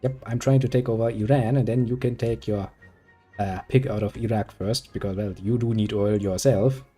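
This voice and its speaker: A man's voice: on the low side, fairly even intonation, normal speed, dark tone, breathy edge, soft background music. A German man chatting casually while gaming, dry and sarcastic. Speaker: gaming co-host.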